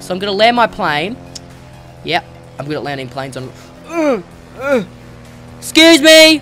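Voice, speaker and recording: A gamer giving excitable let's play commentary, yelling and cheering often while flying. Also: medium pitch.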